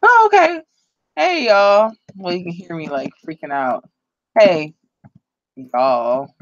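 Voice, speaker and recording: A woman's voice: lowish voice, very animated, takes it slowly, pauses often, dry recording, dull audio. A woman chatting on a live stream in a rambling, flustered way, often laughing at herself. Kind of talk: casual live-stream chat. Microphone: computer microphone.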